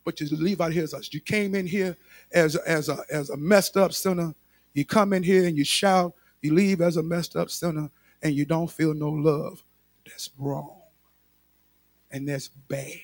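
A man's voice: on the high side, fairly even intonation, a little slow. A male pastor preaching a sermon with emphatic repetition, speaking straight to his congregation.

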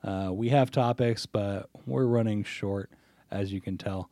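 Low, dark-voiced man casually chatting. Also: fairly even intonation, unhurried, dry recording. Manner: casual, swears often, laughs easily. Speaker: podcast co-host. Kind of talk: casual chat.

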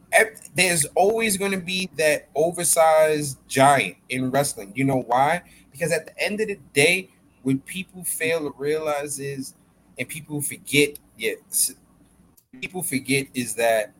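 A man's voice: a little high, a little slow, a bit bright, slight background noise. A man co-hosting a podcast in casual chat, blunt, profane and emphatic. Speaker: podcast co-host.

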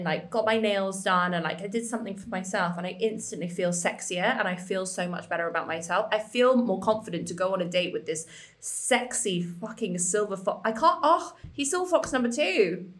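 A woman's voice: mid-range voice, moderate pace. Woman, podcast co-host; chatty, filler-heavy, frank and supportive. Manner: chatty, lots of "like", frank and encouraging. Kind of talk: casual podcast chat.

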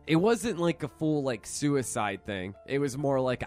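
A man's voice: medium pitch, lively intonation, measured pace, a little mellow. Self-mocking man in casual podcast banter. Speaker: podcast co-host. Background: piano music.

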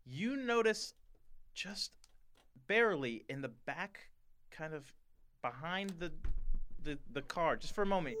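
A man's voice: a little high, a bit bright. A man narrating as game master in a tabletop game, with hesitant talk and many fillers.

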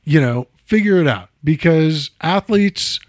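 Brief: chatty male host, slightly high voice, wanders off on tangents, dry close sound. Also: expressive, unhurried, dry recording. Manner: rambling, digressive, full of "you know" asides. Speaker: podcast host. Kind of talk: casual chat.

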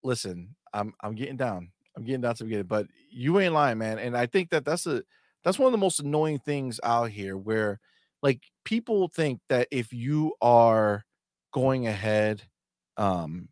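A man's voice: medium pitch, animated, a little slow, darkish tone, no echo, studio quality. A man co-hosting a gaming talk stream, hyped and profane, thanking chatters and reading their messages. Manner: hype, profane, reads out chat. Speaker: co-host.

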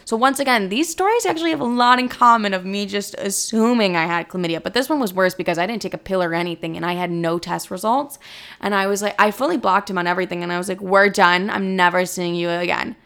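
A young woman telling a personal story casually, brash and profane, self-mocking, quoting people with lively energy. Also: mid-range voice, quick pace.

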